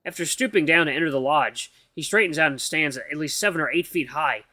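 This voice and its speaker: A man reads a visual novel aloud in a casual, tired way and sometimes trips over the words. His voice sits a little high for a man, and the sound is close and dry. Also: a little fast, sharp tone, no echo. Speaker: gaming YouTuber.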